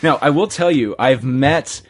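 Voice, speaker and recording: A man hosts a casual podcast chat, telling stories in an animated way and acting out what people said in their own voices. His voice is mid-range and his pace measured.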